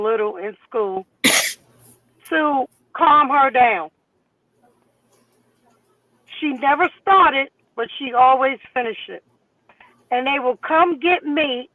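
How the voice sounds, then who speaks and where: A woman's voice: high voice, no room sound. A woman co-hosting a casual chat, hyping listeners up and telling stories in a playful, chanting way. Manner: hypes up the audience with playful chants. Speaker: co-host. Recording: tinny phone line, dry.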